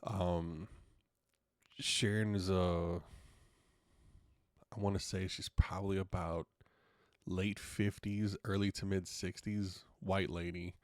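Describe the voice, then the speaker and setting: A man's voice: sits low, fairly even intonation, slow pace, pauses often, dry recording, studio quality. A man hosting a podcast, telling stories in casual solo talk, frank and a bit profane. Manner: frank, profane, acts out quotes in retelling. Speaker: podcast host.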